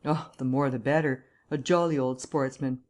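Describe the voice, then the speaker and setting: A woman voicing a jovial, hearty young gentleman journalist who talks in a breezy, teasing, slangy way in a storybook reading. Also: extremely low pitch, fairly even intonation, moderate pace.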